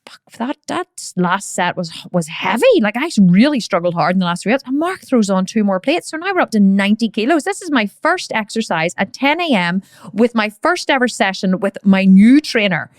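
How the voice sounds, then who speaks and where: A woman hosting a podcast, telling a story in a chatty, animated way with plenty of fillers and acted-out shouts. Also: mid-range voice, a little fast, no echo, studio quality. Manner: chatty, frequent fillers like "you know" and "right". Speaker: podcast host.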